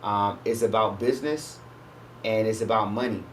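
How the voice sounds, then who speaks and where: A man's voice: lowish voice, fairly even intonation, moderate pace, a little hiss or hum. Man giving a casual scripture talk. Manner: conversational, often checks in with listeners. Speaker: host. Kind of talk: casual religious teaching monologue.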